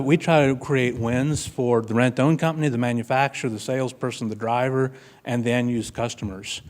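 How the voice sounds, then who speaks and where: Male conference speaker, mid-pitched, earnest storytelling delivery, plain and conversational. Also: a little mellow. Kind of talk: keynote talk. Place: conference room before an audience.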